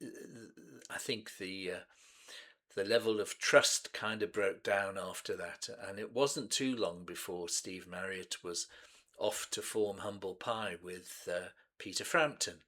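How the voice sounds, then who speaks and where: A man in his seventies hosting a music reaction channel, reminiscing in an unhurried, hesitant way with many pauses and restarts. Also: deep voice, a bit bright. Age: 70s.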